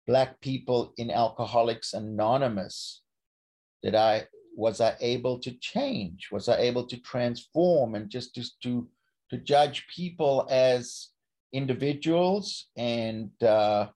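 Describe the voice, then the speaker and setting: Give me an older man from South Africa telling a personal story at a medium pitch, pausing and restarting his sentences. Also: warm tone. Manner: halting, with many restarts and repeated words. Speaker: speaker sharing a recovery story.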